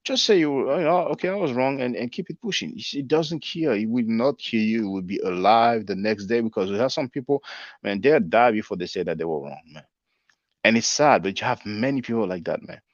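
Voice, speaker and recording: A man in his forties with a lowish voice hosts his channel, reading out viewer comments and answering them in loose, conversational commentary. The sound is dry and a little dull, with no room echo. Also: lively intonation, a little fast. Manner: conversational, spells words out, laughs at comments. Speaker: channel host reading live chat.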